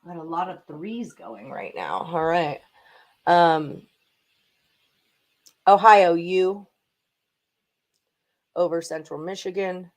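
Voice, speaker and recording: Female host, young adult, lower-pitched, loose rambling livestream chatter about betting picks. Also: expressive, slow pace, long pauses. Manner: chatty, rambling, frequent ums and laughs. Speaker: sports betting show host. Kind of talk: casual livestream chat.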